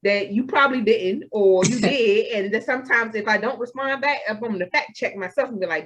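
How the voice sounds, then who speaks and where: A young woman, co-hosting a podcast in casual chat, animated and acting out her own inner voice. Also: fairly high pitch, brisk, hardly any pauses, low-quality recording. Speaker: podcast co-host.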